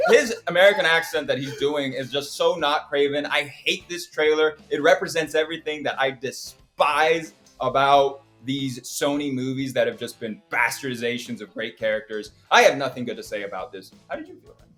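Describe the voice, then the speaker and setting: A man's voice: medium pitch, normal speed, fairly bright tone. Male podcast co-host, casual chat, scornful critic, faint background music.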